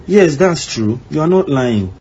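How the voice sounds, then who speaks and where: A man's voice: a little high, animated, unhurried, darkish tone, husky, exaggerated voice. A man voicing an evasive husband. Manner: defensive, evasive. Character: evasive young husband named King. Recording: slightly dull with faint background noise.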